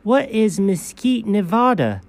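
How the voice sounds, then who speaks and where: A man's voice: high-pitched, very animated, unhurried, creaky. A man co-hosting an improvised comedy show, rambling playfully with theatrical gasps. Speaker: comedy co-host.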